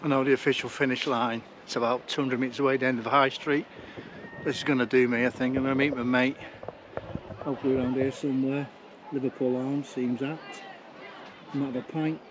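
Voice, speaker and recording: A man's voice: mid-range voice, little pitch movement, fairly quick, background noise. A tired man, chatting casually to an action camera outdoors as he walks. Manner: chatty, rambling, blunt. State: tired from walking. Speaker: hiking vlogger. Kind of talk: casual talk to camera while walking. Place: outdoors on a walking route. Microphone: action camera held while walking.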